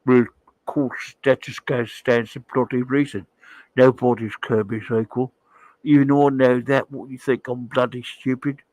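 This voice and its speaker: A man putting on a gruff, swearing older English comics writer in a mock English accent, grumbling. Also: mid-range voice, fairly even intonation, normal speed, darkish tone, no room sound, muffled recording, lightly acted. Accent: put-on English.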